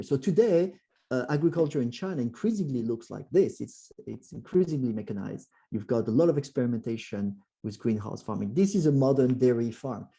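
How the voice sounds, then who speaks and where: A man with a French accent giving a presentation to a club, often restarting and acting out quoted voices. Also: mid-range voice. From France. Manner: frequent fillers and restarts, animated quoted voices. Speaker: guest speaker.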